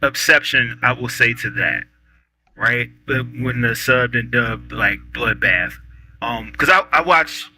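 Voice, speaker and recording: Laid-back man with a very bright voice. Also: mid-range voice, measured pace, low-quality recording. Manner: laid-back, relaxed advice. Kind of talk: casual group chat.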